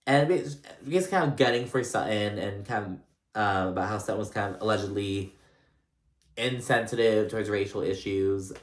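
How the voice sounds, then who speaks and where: A man's voice: on the low side, moderate pace, roomy sound. A man recapping a reality show in a casual, rambling, sassy way, full of fillers. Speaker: recap host.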